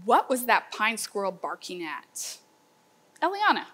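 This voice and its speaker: A woman teaching a children's Bible lesson, asking the class lively questions. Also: mid-range voice, unhurried. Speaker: homeschool teacher.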